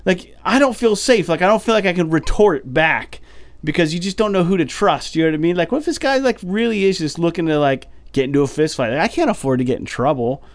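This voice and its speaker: A man co-hosting a podcast, telling a story in a casual, animated way and sounding fed up. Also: fairly high pitch, fast talker, dry recording. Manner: animated, exasperated storytelling with many fillers. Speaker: podcast co-host.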